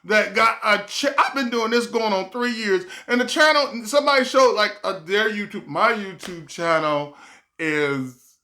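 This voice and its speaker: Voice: mid-range voice, expressive, unhurried, sharp tone. An adult vlogger telling a stressed, rambling storytime, acting out what other people said and often sighing or laughing. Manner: sighs and laughs while talking. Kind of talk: storytime vlog.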